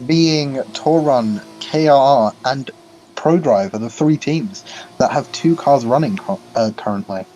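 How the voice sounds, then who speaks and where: A man's voice: medium pitch, unhurried, warm tone, muffled recording, slight background noise. A man, co-commentating a sim race in a casual, informative way. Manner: informative, mock-formal when reading promos.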